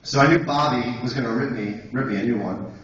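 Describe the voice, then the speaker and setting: A man's voice: mid-range voice, fairly quick, a bit bright. A young man and guest speaker telling a long rambling story to a college audience, full of fillers and restarts. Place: college auditorium. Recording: echoey hall, distant dull sound, faint noise.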